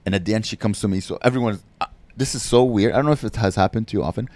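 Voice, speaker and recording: Brash low-voiced male comic telling stories. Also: very fast, dry recording. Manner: animated anecdote telling, brash and profane. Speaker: podcast host and stand-up comedian. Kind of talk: casual storytelling chat.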